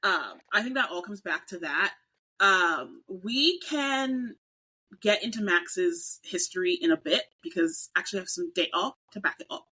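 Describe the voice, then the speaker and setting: Husky, bright-toned woman ranting animatedly. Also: fairly low pitch, moderate pace, poor audio. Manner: animated, dramatic ranting with mock outrage. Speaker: podcast co-host. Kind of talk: casual chat.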